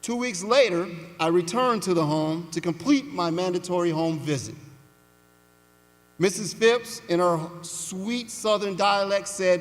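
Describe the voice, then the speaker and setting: A man giving a commencement speech, telling a story slowly and deliberately with pauses for weight, in a large indoor arena. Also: high voice. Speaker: commencement speaker. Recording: reverberant arena sound.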